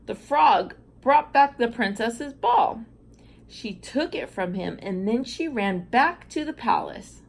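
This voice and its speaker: A woman reads a fairy tale aloud in an unhurried way, her pitch rising and falling a lot as she goes. She stops now and then for chatty asides to her viewers. Her voice sits a little high for a woman. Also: expressive, gravelly. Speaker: storyteller. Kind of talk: reading a storybook aloud.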